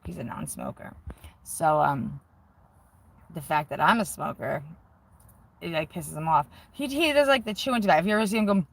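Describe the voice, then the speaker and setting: A woman in her forties live-streams from inside her car with the window open, rambling casually, candid and self-mocking, and swearing freely. Her voice is fairly low, and the rough handheld-phone recording carries a little hiss or hum.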